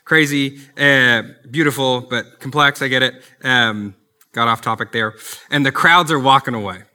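A pastor delivers a sermon in a bright, clear-edged voice of medium pitch at a normal speed. He preaches earnestly yet keeps it conversational, working in personal asides.

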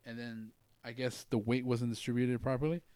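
A young man co-hosting a podcast, telling stories in fast, animated casual chat full of slang and swearing. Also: mid-range voice, no room sound. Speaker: podcast co-host.

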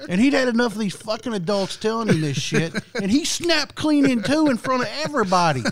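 A man's voice: very high-pitched, lively intonation, fairly quick, a little hiss or hum. A man, hosting a podcast and telling a long profane story with many restarts. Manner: rambling, profane, frequent restarts. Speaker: podcast host. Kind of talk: casual storytelling.

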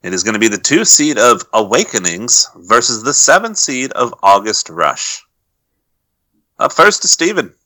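A man's voice: mid-range voice, very animated, moderate pace, sharp tone, dry recording. A man hosting a podcast who moves things along casually with a light, self-deprecating manner. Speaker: podcast host. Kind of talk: casual moderating.

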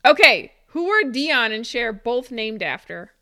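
Bright, slightly high woman running a playful quiz with lots of giggles; dry close recording. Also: very animated, measured pace, no echo. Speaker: quiz host. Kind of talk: casual chat.

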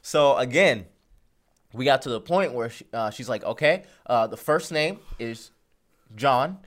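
Male podcast host, casual storyteller who acts out the dialogue, average-pitched voice. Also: measured pace. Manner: animated retelling, acts out phone calls, laughs often.

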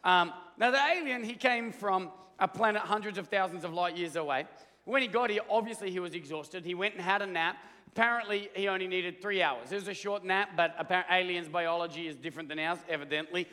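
A man's voice: high voice, fairly quick, pushed and bright. A man preaching a sermon in a casual, joking, conversational way, telling a story to a church. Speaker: pastor. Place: church hall. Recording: echoey church hall.

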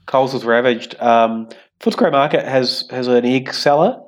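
A man's voice: mid-range voice, moderate pace. A man chatting on a podcast with a dry, teasing humour. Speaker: podcast co-host. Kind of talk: casual chat.

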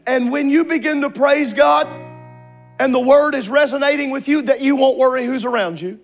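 A man preaching in a church sanctuary, his voice pitched strikingly high for a man. He stretches key words out and climbs into shouts as the sermon builds. Faint music plays softly beneath his words. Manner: impassioned, rising to shouts with long drawn-out words. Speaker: pastor.

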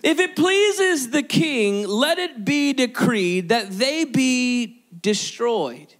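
A man's voice: very high-pitched, animated, slow pace, fairly bright tone, exaggerated voice. A man voicing a scheming, villainous royal adviser with a put-on British accent while reading scripture aloud in a sermon. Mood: menacing. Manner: sneering, menacing, like a cartoon villain.

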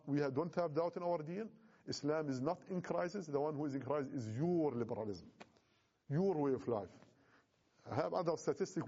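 A man's voice: fairly high pitch, mellow, lo-fi sound. A man, not a native English speaker, giving an impassioned address to Muslim youth, emphatic and repeating his phrases.

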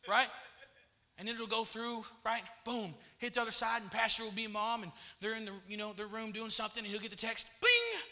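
A man's voice: high voice, level tone, a little fast, sharp tone. A man preaching a sermon in church, repeating phrases and calling out to the congregation.

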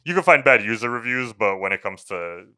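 Young male co-host, smooth resonant voice, easy laugh, casual facts-and-banter delivery. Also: mid-range voice, animated, a little fast, bright, forceful tone, no echo. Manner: chatty, reads out film facts, laughs easily. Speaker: podcast co-host. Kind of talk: casual podcast chat. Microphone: podcast microphone.

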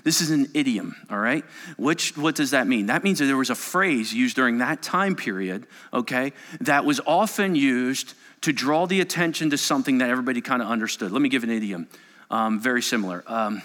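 A man preaching a sermon as pastor, animated, swinging between loud emphasis and hushed asides. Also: medium pitch, brisk. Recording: long hall reverb.

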